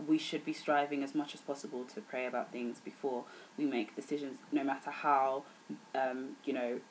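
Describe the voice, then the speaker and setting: A woman's voice: deep voice, a little hiss or hum, rough recording. A young woman chatting earnestly to camera as a vlogger, serious in tone, with plenty of filler words. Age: young adult. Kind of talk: casual chat to camera.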